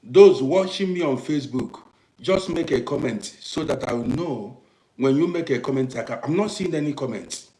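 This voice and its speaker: A man from Africa with an African English accent, hosting a livestream and talking to his viewers in an emphatic way, checking that they understand and breaking into loud bursts. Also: mid-range voice, lively intonation, normal speed, reverberant. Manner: emphatic, repeats "do you understand me", swings from quiet to loud bursts. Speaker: livestream host. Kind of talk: live-streamed commentary to viewers.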